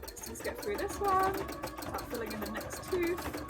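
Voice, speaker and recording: Bubbly high-voiced woman streaming. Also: measured pace, very noisy. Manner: bubbly, excitable, chatty. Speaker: craft streamer. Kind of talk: casual livestream chat while sewing. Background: background music and sewing machine.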